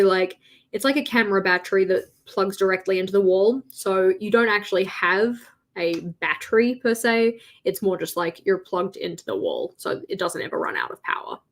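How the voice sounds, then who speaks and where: A woman chatting casually on a livestream, often counting aloud in a sing-song as she works. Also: mid-range voice. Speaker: stationery livestreamer. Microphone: camera mic at a desk.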